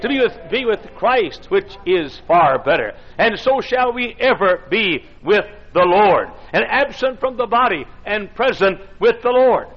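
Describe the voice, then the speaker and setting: A man's voice: sits high, expressive, unhurried, hardly any pauses, muffled recording. A man preaching a sermon in an emphatic, repetitive cadence.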